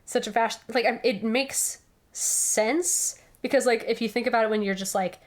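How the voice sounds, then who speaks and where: A young woman co-hosting a podcast, chatting casually and rambling excitedly about a story she loves. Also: a little high, normal speed. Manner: rambling and excitable, acts out characters' lines. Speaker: podcast co-host. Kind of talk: casual fan chat.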